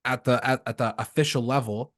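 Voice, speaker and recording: A man from Canada hosting a podcast, telling lively stories in a casual chat and acting out the lines of the people in them. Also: medium pitch, fairly quick. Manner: lively storyteller acting out quoted dialogue. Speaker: podcast host.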